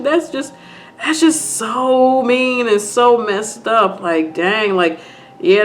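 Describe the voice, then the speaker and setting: A woman's voice: fairly high pitch, slow pace, a bit bright, faint music behind. A woman casually recapping and reacting to a TV episode, chatty and repetitive, with lots of "like" and "you know". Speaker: video host.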